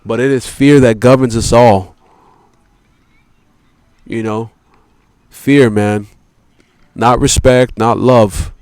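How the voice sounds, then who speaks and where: Smooth-voiced man ranting, dry close sound. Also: mid-range voice, steady tone, takes it slowly, pauses often, darkish tone, dry recording. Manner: profane, repetitive, peppered with "you know" and "man". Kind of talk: rambling philosophical monologue.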